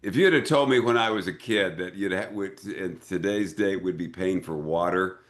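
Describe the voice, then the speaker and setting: An older American man, an actor and director, telling lively anecdotes in an interview and acting out the voices in them. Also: deep voice, moderate pace. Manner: animated storyteller who acts out quoted voices. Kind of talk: casual interview storytelling.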